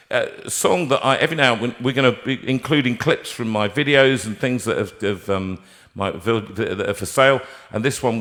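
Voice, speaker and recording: A man hosting a live stream from a music room, telling a stage anecdote and acting out the voices he quotes. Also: medium pitch. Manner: animated, acts out quoted voices. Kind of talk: anecdotal storytelling.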